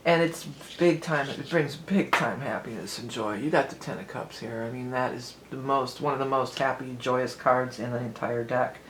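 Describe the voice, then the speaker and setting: A woman's voice: extremely low pitch, moderate pace, hardly any pauses. A woman giving a casual tarot reading, chatty and rambling, with frequent small laughs and digressions. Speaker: tarot reader. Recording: echoey room, faint background noise.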